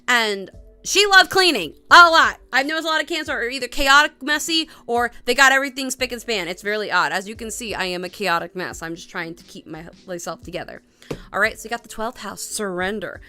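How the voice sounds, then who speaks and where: A woman's voice: a little high, pushed and bright, smooth. A young woman hosting a casual tarot and astrology livestream, rambling and chatty with lots of fillers and restarts. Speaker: tarot reader.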